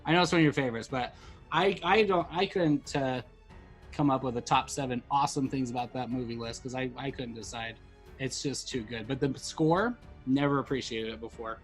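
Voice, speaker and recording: A man's voice: mid-range voice, a little fast, soft background music. A middle-aged man co-hosting a podcast, rambling and getting emotional in casual chat, full of restarts. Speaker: podcast co-host.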